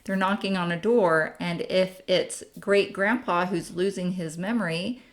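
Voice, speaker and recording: Chatty woman teaching, lower voice. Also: a little slow. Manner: chatty, friendly, with frequent ums. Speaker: family history instructor. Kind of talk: screen-share tutorial walkthrough.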